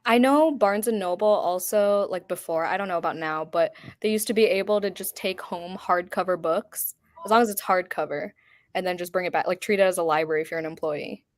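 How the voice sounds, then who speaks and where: A woman chatting on a video call in a relaxed, teasing way, swearing casually. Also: lowish voice, fairly quick, dry recording, clean studio sound. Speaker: booktube host. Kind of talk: casual chat.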